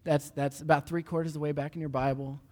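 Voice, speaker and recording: A man preaching a sermon, animated and asking the room repeated questions, often stumbling over restarts. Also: fairly high pitch, fast talker. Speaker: pastor. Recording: hall reverb.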